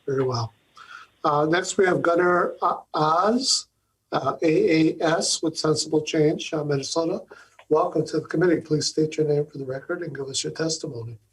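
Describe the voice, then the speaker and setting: Man chairing a hearing, courteous and hesitant, slightly raised, husky tone. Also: fairly high pitch, normal speed, poor audio. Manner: courteous, hesitant, many fillers. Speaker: committee chair.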